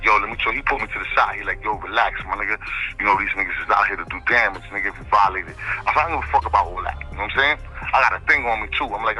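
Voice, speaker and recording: A man's voice: mid-range voice, pushed and bright, poor audio. A man from the Bronx, telling street stories as a guest in an interview. He talks in slang, rambles, and keeps checking in with "you know what I'm saying.". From the Bronx, New York. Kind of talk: street storytelling.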